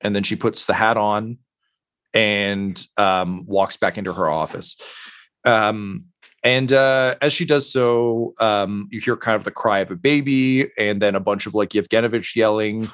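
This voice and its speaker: A man's voice: fairly low pitch, fairly even intonation, a little slow, fairly bright tone. A man narrating as game master of a tabletop role-playing game, rambling with many fillers.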